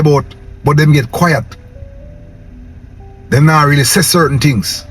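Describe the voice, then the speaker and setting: A young Jamaican vlogger with a Patois accent rants impassioned and preachy to the camera, tagging his lines with "yo" and "man." His voice is fairly high and slightly rough, he speaks at a measured pace with frequent pauses, and faint music sits behind him.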